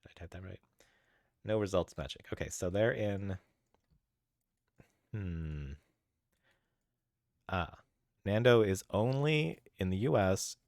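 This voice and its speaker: Deep-voiced man chatting on stream. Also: slow, gravelly, pauses often, darkish tone, dry recording, studio quality. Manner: easily sidetracked, greets chatters by name; chatty, thinks aloud while searching. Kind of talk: casual live-stream chat while coding.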